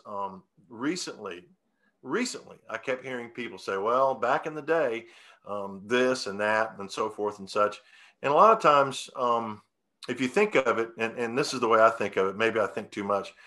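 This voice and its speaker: A male songwriter talking in a relaxed, rambling interview, often restarting his sentences and chuckling as he explains how he came to write a song. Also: medium pitch, moderate pace. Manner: rambling, self-correcting, chuckling. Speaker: songwriter guest. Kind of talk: casual interview talk.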